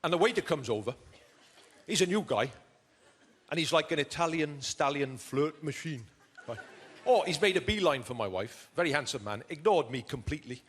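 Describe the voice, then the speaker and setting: A man's voice: on the high side, lively intonation, normal speed, fairly bright tone, slightly rough, big-room sound. Man telling stand-up stories on stage. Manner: chatty anecdotal storytelling. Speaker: ventriloquist comedian. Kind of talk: stand-up comedy. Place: large theatre stage.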